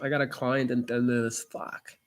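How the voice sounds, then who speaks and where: A man's voice: mid-range voice, level tone, moderate pace. A man answering viewer chat on a casual live stream, blunt and emphatic and swearing freely.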